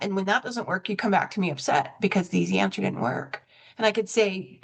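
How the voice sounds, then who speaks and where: A woman's voice: medium pitch, quick pace, husky. A woman hosting a coaching podcast, reflective and self-correcting, telling stories and acting out both sides of the dialogue. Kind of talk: conversational interview.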